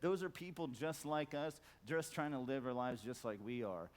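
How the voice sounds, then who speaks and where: A middle-aged man giving a profane conference talk, blunt and emphatic, stacking repeated words for effect. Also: normal speed. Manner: acts out quoted voices in a loud high squawk. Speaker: conference speaker. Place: conference hall.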